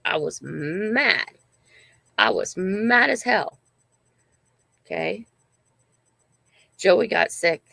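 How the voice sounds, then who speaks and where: A woman's voice: mid-range voice, takes it slowly, vocal fry, pauses often, sharp tone, no room sound. An older woman hosting a casual livestream, telling a family story in a rambling, emphatic way and often checking in with "right?". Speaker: channel host.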